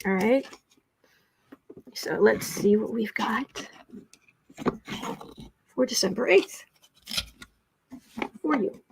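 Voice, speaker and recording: A woman's voice: a little high, expressive, extremely slow, creaky, pauses often, darkish tone, a little hiss or hum. A woman from the United States hosting a casual tarot livestream from home, rambling and chatty, with asides to her cat, speaking into a fixed mic off to one side. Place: home room.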